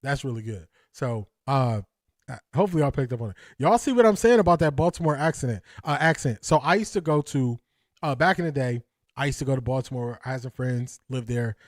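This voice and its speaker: A male livestream host giving casual, slangy sports commentary to his chat, animated and often laughing. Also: medium pitch, brisk, dry recording, clean studio sound.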